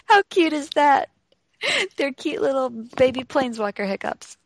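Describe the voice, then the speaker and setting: A woman's voice: sits high, expressive, unhurried, rough recording. A woman co-hosting a podcast in casual chat, teasing and laughing often. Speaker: podcast co-host.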